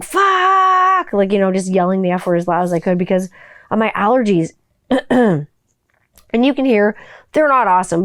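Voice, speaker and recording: A woman's voice: medium pitch, a little mellow, dry recording, studio quality. A woman hosting her own podcast, chatting casually and rambling with lots of "like" and playful asides. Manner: rambling and chatty, heavy use of "like"; playful, hums a silly tune while thinking. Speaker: podcast host. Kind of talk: casual solo podcast chat.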